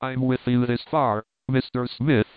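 A steady police inspector explains things in an even, measured way, as a man reads his lines. The voice sounds smooth and clear. The audio is dry and narrow, almost like a phone call. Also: medium pitch, dry recording, lightly acted.

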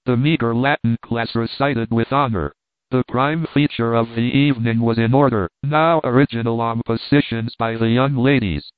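A man reads a classic novel aloud as an audiobook narrator, measured and steady, even saying the punctuation marks. His voice is smooth and clear. It sounds dry and tinny, like it is coming over a phone line. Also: mid-range voice, dry recording. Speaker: audiobook reader.

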